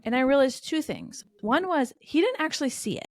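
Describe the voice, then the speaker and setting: A woman's voice: sits high, sing-song, moderate pace, dry recording, clean studio sound. A middle-aged woman as a podcast guest, telling candid stories full of quoted dialogue in a conversational way. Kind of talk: conversational interview storytelling.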